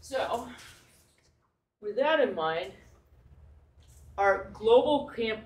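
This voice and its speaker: A man gives a formal presentation to a meeting, explaining each point, rephrasing himself, and posing questions to the room. His voice sits high for a man. He is picked up from a distance in an echoey meeting room. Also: lively intonation, drawn-out words. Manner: explanatory, rephrasing and self-correcting, with rhetorical questions. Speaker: school administrator presenting a plan.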